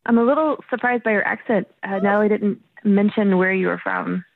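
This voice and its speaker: Woman on the phone, gravelly voice, muffled phone audio, confused and incredulous. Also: mid-range voice, fairly quick. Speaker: prank call target. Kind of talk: phone call.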